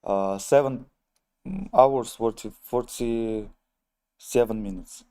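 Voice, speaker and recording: A man with a Russian accent, a native Russian speaker, chatting on his live stream in a wry, self-mocking way and calling his viewers "ladies and gentlemen". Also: medium pitch, slow, smooth. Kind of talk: casual live-stream chat, reading viewer comments.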